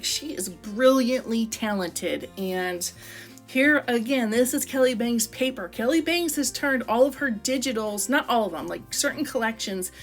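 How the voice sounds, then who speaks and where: A woman's voice: a little high, a bit bright. A woman vlogger chatting enthusiastically as she flips through her craft book and shows how she puts pages together. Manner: chatty and enthusiastic, lots of "I love" and "like". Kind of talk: casual craft flip-through chat.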